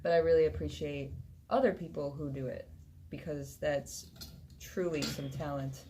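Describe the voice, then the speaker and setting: Relaxed woman, guest on radio. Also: low-pitched, moderate pace. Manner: relaxed, hesitant, many fillers. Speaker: vintage shop owner, guest. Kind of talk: casual radio interview. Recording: faint ambient noise.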